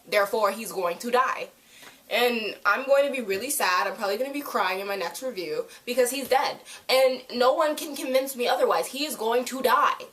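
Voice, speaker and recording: A young woman reviewing a TV episode in a casual, animated way, full of slang and "like", jumping between loud outbursts and hushed asides. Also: fairly high pitch, moderate pace. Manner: frequent "like" fillers, slangy.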